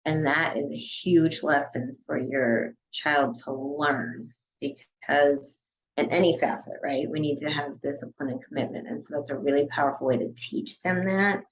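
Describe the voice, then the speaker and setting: A woman with a low-pitched voice talks casually as a podcast guest. She runs a dance studio and peppers her sentences with "you know" and "like" as she goes. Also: moderate pace, slight background noise, rough recording. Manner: chatty, frequent "you know" and "like" fillers.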